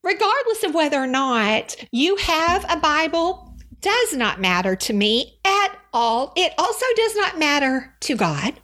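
A woman's voice: sits high, big pitch swings, a little slow, fairly bright tone. Teary, effusive Texan woman. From Texas. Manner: emotional, tearful and effusive. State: teary, sniffling. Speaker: podcast host. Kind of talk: Christian devotional podcast. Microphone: studio microphone, seated.

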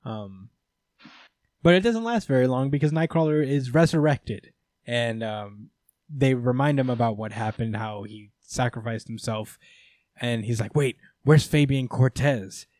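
A man co-hosting a casual podcast, recapping a comic storyline with plenty of laughter and offhand asides. His voice sits at an ordinary middle pitch, and the room is dry and close. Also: darkish tone, no echo. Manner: laughing, rambling, quick character voices. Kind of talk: casual comedic recap chat.

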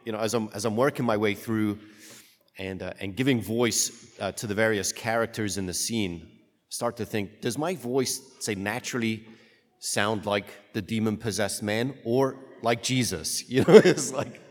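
A man's voice: lowish voice, normal speed. A man, a priest, reading the gospel and then giving a homily in a conversational way, often asking "right?". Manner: conversational, asks rhetorical "right?". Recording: long reverb of a large room.

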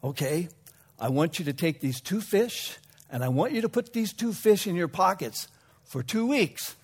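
A man voicing a wise old male philosopher who speaks calmly and quietly. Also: high-pitched, normal speed, slightly rough, voice pushed up. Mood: instructing.

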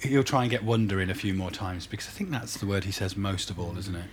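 A man's voice: deep voice, quick pace, a crowd in the background. A man who is a pastor, joking and teasing in a casual chat in a kitchen. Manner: teasing, animated, jokey. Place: home kitchen.

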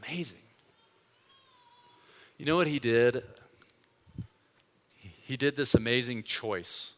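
A male pastor preaching a storytelling sermon in an earnest, conversational way, dropping to hushed tones and rising again. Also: mid-range voice, slow, long reverb tail. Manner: earnest, conversational, swings between loud and hushed.

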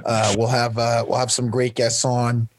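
A man's voice: medium pitch, completely flat delivery, normal speed, no room sound. A man on a podcast with upbeat hype energy who stammers now and then. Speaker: podcast guest. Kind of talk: casual podcast chat.

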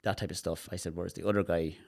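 Irish man, deep voice, dry close sound, chatty therapist guest who explains with lots of repeats and little demonstrations. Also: quick pace, gravelly, husky, no room sound. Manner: animated, demonstrative, repeats words while explaining. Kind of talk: casual interview chat.

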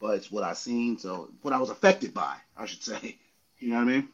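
A man talking in a casual chat, telling stories in an animated way and acting out hecklers. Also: fairly quick, muffled recording. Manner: animated storytelling, acts out hecklers with big pitch jumps. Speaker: podcast host, former outfielder.

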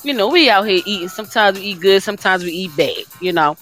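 A woman's voice: medium pitch, quick pace, faint music behind. Exasperated woman ranting. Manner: exasperated, animated complaining. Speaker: co-host. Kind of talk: casual rant.

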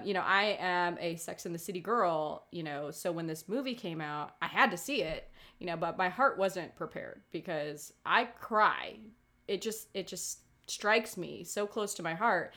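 A woman's voice: on the low side, fairly bright tone. A woman co-hosting a podcast in casual chat, candid and emotional, swearing freely and laughing often. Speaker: podcast co-host.

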